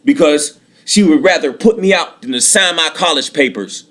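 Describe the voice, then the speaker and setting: A man's voice: fairly high pitch, lively intonation, normal speed, a bit bright. Bitter man ranting, repetitive and raw. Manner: bitter, aggrieved, repetitive, profane. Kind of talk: emotional personal monologue.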